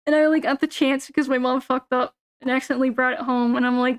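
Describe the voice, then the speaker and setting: A woman's voice: high-pitched, steady tone, quick pace, clear, resonant tone. A young woman chatting casually on a stream, rambling, swearing and giggling often.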